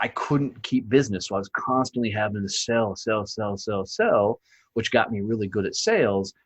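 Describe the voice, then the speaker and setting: A lowish male voice on lo-fi sound belongs to a middle-aged podcast guest from the rural United States. He tells casual stories bluntly and profanely, often adding "right?" to check in with listeners.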